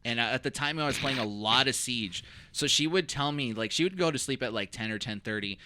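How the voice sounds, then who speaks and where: A man's voice: medium pitch, brisk, dry recording. A man co-hosting a podcast, chatting casually and telling stories with acted-out quotes. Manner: animated storyteller who acts out quotes. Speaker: podcast co-host. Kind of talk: casual chat.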